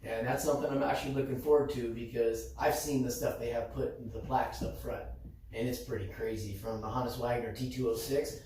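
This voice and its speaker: A man's voice: medium pitch, brisk. A man who runs a sports card shop and hosts the show, telling a story in a casual way and acting out the other person's lines. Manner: animated, acts out quoted dialogue. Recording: very echoey room, distant mic, faint noise.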